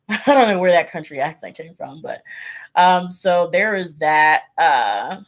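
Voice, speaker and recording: A woman hosting a tarot channel livestream speaks a little slowly in a fairly low, animated voice. She rambles casually with fillers and laughs, acting out her own reactions in quoted voices.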